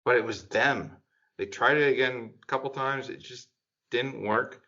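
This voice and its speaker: A man's voice: mid-range voice, normal speed, sharp tone. A man chatting casually on a panel, rambling with lots of fillers and getting enthusiastic. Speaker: podcast panelist. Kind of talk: casual group chat. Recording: dull lo-fi sound.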